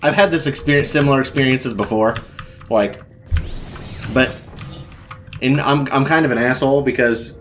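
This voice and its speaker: Young male podcast co-host, profane rambling storyteller, mid-pitched, faint typing clicks behind. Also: moderate pace, pauses often, fairly bright tone, slight background noise. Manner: profane, rambling storyteller, mock-ranting in bursts. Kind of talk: casual chat.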